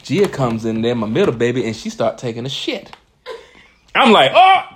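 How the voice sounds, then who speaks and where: A man's voice: medium pitch, huge pitch swings, moderate pace, fairly bright tone. A young man co-hosting a podcast, telling stories in casual chat, laughing often and swearing freely. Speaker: podcast co-host.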